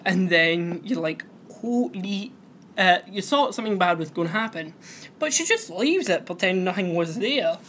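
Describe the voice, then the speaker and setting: A man's voice: high-pitched, animated, normal speed, pushed and bright, a little hiss or hum. A young man, casually recapping a TV episode, rambling and often correcting himself. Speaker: host.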